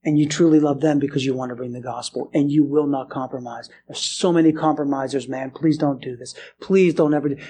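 A man preaching a sermon as pastor, animated, dropping to quiet earnest lows and climbing to raised, exclaiming passages, often restarting and repeating words. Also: breathy edge. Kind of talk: expository sermon.

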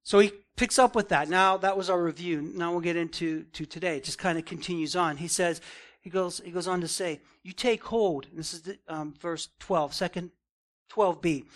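A man teaching from the Bible in a fairly high voice. He is earnest and conversational, peppering his points with "man" and "right?" and pressing hard when he stresses a command. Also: moderate pace, pushed and bright. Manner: earnest, repeats "man" and "right?", swells in emphasis. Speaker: preacher.

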